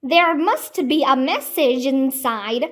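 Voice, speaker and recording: A woman voicing an excited, energetic young girl who calls out eagerly. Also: sits high, slow pace.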